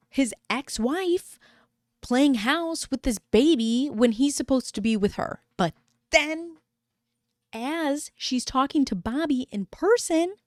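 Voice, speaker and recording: A young adult woman retelling a story in a casual, dramatic and expressive way. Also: fairly high pitch, no echo, clean studio sound. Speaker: video commentator.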